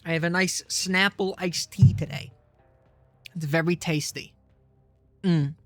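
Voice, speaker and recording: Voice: medium pitch, steady tone, unhurried, fairly bright tone, dry recording. A game streamer chatting live with viewers, loose and profane, who often laughs at their own rambling. The voice sits mid-range, recorded dry and close, with faint music underneath. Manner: profane, self-deprecating, rambling. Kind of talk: casual live-stream chat while gaming.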